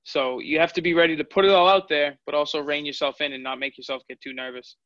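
Bright-voiced young man, dry lo-fi sound. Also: fairly high pitch, fairly even intonation, fast, no echo. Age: 20s. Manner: candid storytelling. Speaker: fighter. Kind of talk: interview answers. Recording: dull lo-fi audio.

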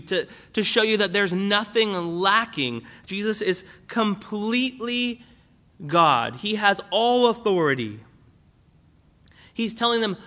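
A man's voice: high-pitched, bright, forceful tone. A young man preaching a sermon in a conversational way, with fillers and restarts as he explains a Bible passage. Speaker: pastor.

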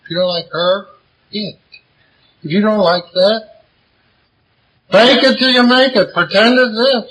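A man's voice: high-pitched, unhurried, long pauses, fairly bright tone, a little hiss or hum, poor audio. A man sharing his recovery story to a meeting crowd, blunt and profane, hammering points with repetition. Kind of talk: recovery talk to a live audience. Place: meeting room before a gathered audience.

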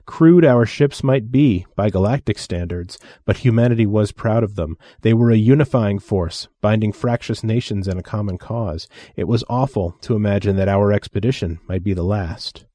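A man narrates an audiobook story in a steady, measured way. His voice is mellow and dark, recorded dry and close. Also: on the low side, dry recording.

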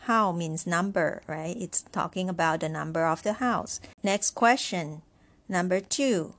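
Give me a woman language teacher who speaks very slowly and repeats each word like a dictation test. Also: on the low side, animated, a bit bright. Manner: spells pinyin letter by letter and repeats words. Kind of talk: slow, careful lesson dictation.

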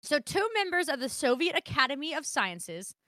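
A woman co-hosting a casual podcast, her fairly high voice bright and bouncing all over the place. She laughs often and trips over words as she reads her notes. The sound is dry and close. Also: big pitch swings, moderate pace, dry recording. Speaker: podcast co-host. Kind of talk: casual chat.

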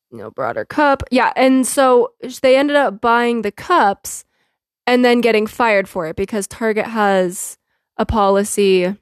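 A woman hosting a podcast, telling a funny story in a casual, animated way and often laughing. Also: medium pitch, no room sound, studio quality. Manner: animated, laughing often, quotes herself and others. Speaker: podcast host.

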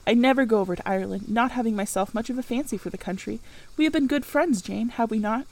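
Brooding middle-aged gentleman, commanding and earnest, read by a woman in a storybook reading, voice pitched a bit high. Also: quick pace, rough recording. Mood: tender.

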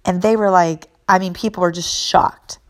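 A woman's voice: fairly low pitch, steady tone, moderate pace. Earnest motivational woman storyteller. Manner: earnest, emphatic, repeats key phrases. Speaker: mother and fitness and mindset coach.

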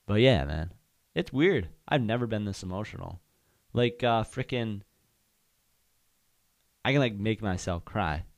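A man's voice: lowish voice, lively intonation, measured pace, vocal fry, long pauses, dry recording, clean studio sound. A young man hosting a podcast, chatting casually and candidly on his own, rambling with lots of fillers. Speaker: podcast host. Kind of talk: casual solo chat.

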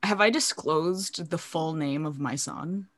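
A woman's voice: deep voice, fairly bright tone. A woman co-hosting a podcast, chatting casually with friends and laughing often. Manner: laughs often, drawn-out filler words. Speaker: podcast co-host. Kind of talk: casual chat.

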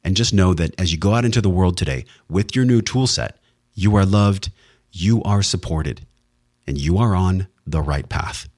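A man's voice: sits low, moderate pace, a little mellow. A man hosting a wellness podcast, speaking in an earnest, heartfelt monologue with emphatic, sometimes profane emphasis. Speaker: podcast host.

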